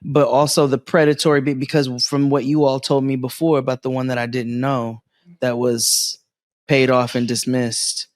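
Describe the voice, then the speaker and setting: A man co-hosting a comedy podcast from a living room, telling stories in animated, quick bursts with frequent laughs. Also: mid-range voice, no echo, studio quality. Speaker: podcast co-host. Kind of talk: casual comedic chat.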